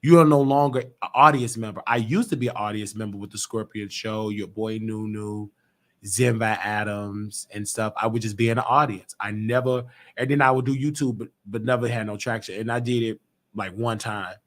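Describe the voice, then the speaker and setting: Slangy male live-stream host, animated storyteller. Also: fairly low pitch, moderate pace. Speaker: host of a YouTube talk show. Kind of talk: live-stream call-in monologue.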